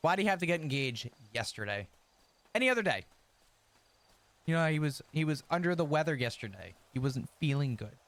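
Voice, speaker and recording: Male streamer in roleplay, slightly high voice, sweary, rants and laughs. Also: very animated, brisk, fairly bright tone, dry recording. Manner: profane, ranting, laughs often. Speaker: streamer role-playing his character. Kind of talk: in-character roleplay chat.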